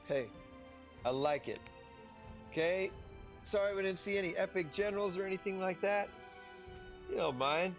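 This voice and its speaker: A man streams a game and chats with his viewers in a tired, yawning way. His voice sits a bit high for a man. Faint game music runs quietly behind him. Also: normal speed, muffled recording. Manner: chatty, talks to viewers while playing. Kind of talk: casual livestream gameplay commentary.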